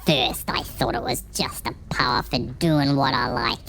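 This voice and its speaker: A man voicing an old drunken villager who rambles in a slow, folksy rustic dialect. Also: mid-range voice, vocal fry, a bit bright, slight background noise, pitched above the performer's own voice, rough recording. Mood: rambling.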